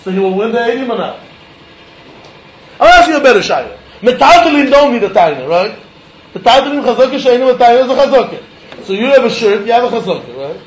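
A man's voice: very high-pitched, very animated, brisk, dull audio. A man teaching a Talmud lecture, posing rhetorical questions and chuckling as he argues. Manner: poses rhetorical questions, chuckles while arguing. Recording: roomy echo.

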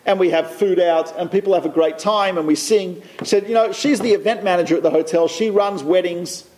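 A man's voice: sits high, a little fast, darkish tone. A man giving an anecdotal talk to a congregation, repeating phrases for emphasis as he tells a story.

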